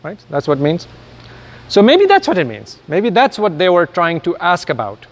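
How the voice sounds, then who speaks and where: A man's voice: high-pitched, huge pitch swings, normal speed. Urdu-speaking guy lecturing, asks himself questions then answers, echoey hall. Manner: explains step by step with rhetorical questions. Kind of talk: recorded lecture.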